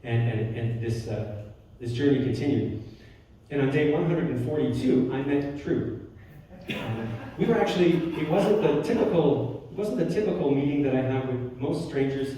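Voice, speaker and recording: A man gives a warm, storytelling spiritual talk, often restarting his sentences. His mellow voice sits back from the microphone in a strongly echoing hall, with a faint hiss of room noise underneath. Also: mid-range voice, animated, normal speed. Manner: warm storytelling with frequent restarts and soft laughs. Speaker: guest speaker. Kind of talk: spiritual talk with personal stories. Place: church hall. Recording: roomy hall from far off.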